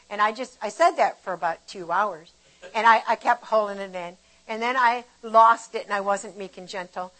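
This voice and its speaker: A woman's voice: medium pitch, moderate pace, rough recording. Older woman teaching scripture casually. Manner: conversational and animated, shifting between warm explanation and lively retelling. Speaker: Bible teacher.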